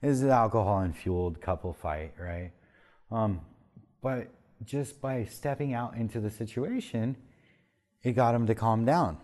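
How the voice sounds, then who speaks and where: A man serving as a pastor, talking with a group in a relaxed way and telling stories from his own life. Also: on the low side. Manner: conversational, with restarts and fillers and a quick laugh. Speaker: pastor leading a group discussion. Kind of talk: casual group talk and storytelling.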